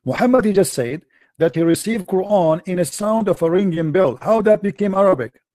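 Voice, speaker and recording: Mocking man with a dark, dry voice. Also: high-pitched, animated, fairly quick, dry recording. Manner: mocking, taunting, repetitive rhetorical questions. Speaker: online debate host. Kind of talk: confrontational live-stream debate.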